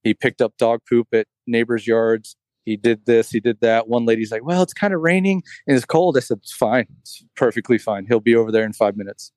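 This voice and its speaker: A man's voice: fairly low pitch, monotone, fairly quick, few pauses, a little mellow, no echo. Dry-sounding rambling storyteller man. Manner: rambling storyteller, heavy on fillers like "like" and "you know". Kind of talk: casual chat.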